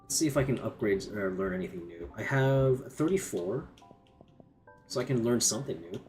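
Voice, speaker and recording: Animated Canadian man streaming a game. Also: lowish voice, moderate pace. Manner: chatty, self-mocking, lots of fillers. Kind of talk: casual gameplay commentary. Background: faint game music.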